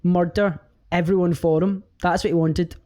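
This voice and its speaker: A man's voice: high voice, little pitch movement, normal speed, warm tone. A man with a Scottish accent hosting a casual podcast, joking around, swearing and laughing often. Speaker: podcast host.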